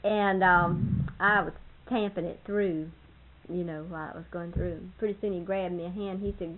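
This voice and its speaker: An older woman with a husky voice, reminiscing casually about family and laughing often as she tells stories. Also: lowish voice, steady tone, moderate pace, phone-quality sound, slight background noise. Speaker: storyteller in family history interview.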